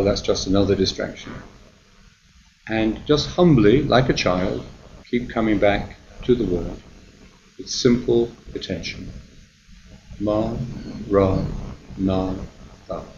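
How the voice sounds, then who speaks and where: A man with a lowish voice leads a guided meditation, calm and unhurried, pausing gently between phrases. The recording is dull and lo-fi, with a faint hiss behind him. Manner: calm, slow, gentle instruction with pauses. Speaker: meditation teacher, Benedictine monk.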